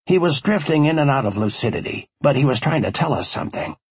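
A man's voice: medium pitch, expressive, fast talker, breathy edge, dry recording. A man narrating a first-person audiobook in a wry, conversational storytelling manner.

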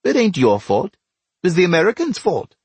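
A man's voice: high-pitched, wildly swooping pitch, normal speed, darkish tone, husky, no echo, pitched above the performer's own voice, full character voice. A man voicing a blunt, commanding Trinidadian neighbourhood elder with a Trinidadian accent, in a storybook reading. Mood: soothing.

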